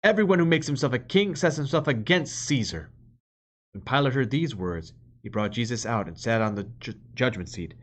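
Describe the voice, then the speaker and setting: A man's voice: medium pitch, expressive, moderate pace. A man, a priest, reading scripture aloud and then explaining it in plain words with the odd filler. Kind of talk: Bible reading with commentary.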